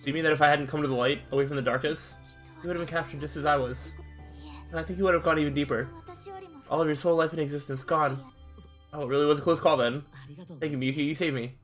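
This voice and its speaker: A man's voice: a little high, fairly even intonation, fast, long pauses, fairly bright tone, faint music behind. A man streaming a game, reading all the characters' lines aloud himself and breaking off to react. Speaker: gameplay streamer. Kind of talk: reading game dialogue aloud while playing.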